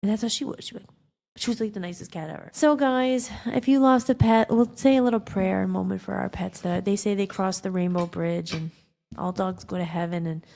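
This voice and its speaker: Gravelly-voiced woman telling a personal story. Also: mid-range voice, fairly even intonation, a little fast, dark tone. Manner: rambling, emotional, many fillers and restarts. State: tearful at times. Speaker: podcast host.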